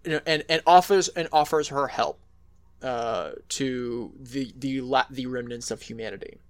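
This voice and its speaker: A man co-hosts a casual podcast chat, rambling with lots of restarts and fillers and swearing freely. He speaks at normal speed in a medium-pitched voice.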